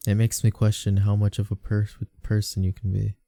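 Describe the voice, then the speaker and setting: Male VA as a devoted boyfriend in a whispered role-play, low, dark and gravelly, soft and pleading, dry close mic. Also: completely flat delivery, fairly quick, no room sound. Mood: tender. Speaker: comforting boyfriend.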